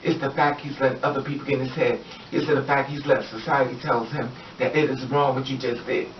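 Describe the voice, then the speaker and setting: Rambling storyteller, echoey and distant. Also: male voice, mid-range voice, fairly even intonation, fairly quick, a little hiss or hum. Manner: rambling, repetitive, with many fillers and acted-out quotes. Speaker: vlogger. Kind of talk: casual storytime monologue. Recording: distant, roomy, dull lo-fi sound.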